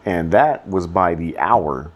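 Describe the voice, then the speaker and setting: A man's voice: deep voice, takes it slowly. A young man co-hosting a podcast, telling a story in casual chat, swearing often and acting out what people said. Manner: profane, animated storytelling with acted-out quotes. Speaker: podcast co-host.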